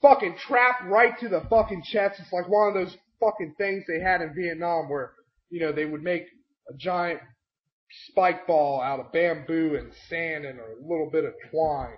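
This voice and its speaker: A young man recapping a tabletop game session, excitable and swearing constantly as he tells the story. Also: a little high, moderate pace. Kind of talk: profane storytelling rant. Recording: dull lo-fi home mic.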